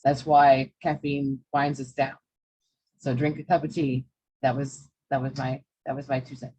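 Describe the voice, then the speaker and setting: Low, husky woman with a muffled sound. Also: level tone, a little slow, warm tone. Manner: chatty, plain-spoken, a little rambling. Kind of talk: casual advice chat.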